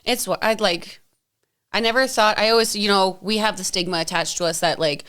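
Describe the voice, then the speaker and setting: A woman's voice: mid-range voice, steady tone, fairly quick, a bit bright. A woman hosting a podcast in casual chat, speaking frankly and swearing freely. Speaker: podcast host.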